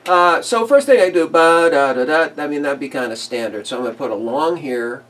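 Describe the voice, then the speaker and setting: Relaxed man scatting while he explains. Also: mid-range voice, fairly quick, far from the mic. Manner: relaxed, chuckles, sings phrases as "ba da da". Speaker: arranger teaching big band writing. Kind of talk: casual screen-recorded tutorial.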